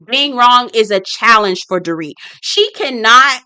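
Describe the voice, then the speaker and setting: A woman's voice: a little high, expressive, unhurried, bright, forceful tone, clean tone, no room sound, studio quality. A woman giving casual, sassy commentary as a reality TV review vlogger, blunt and swearing freely.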